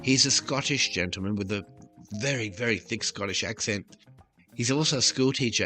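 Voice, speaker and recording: Aussie guy hosting a quiz podcast, lowish voice, punchy and bright, a bit of music faint underneath. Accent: Australian. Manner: chatty and upbeat, reading questions aloud. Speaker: trivia podcast host.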